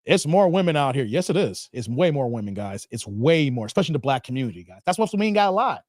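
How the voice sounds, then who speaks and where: A man's voice: medium pitch, very animated, fast, a little mellow, no room sound, studio quality. A man hosting a livestream, reading chat comments aloud in casual slangy banter and laughing often.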